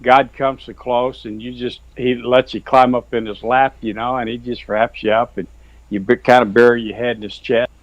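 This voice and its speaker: A man's voice: medium pitch, little pitch movement, normal speed, no echo. A man speaks over a video call as a guest author, earnest and folksy. He rambles through his story, sprinkling in "you know" and "yes, sir". The audio is dry and a bit lo-fi, as over a weak internet link. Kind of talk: earnest testimony in casual chat.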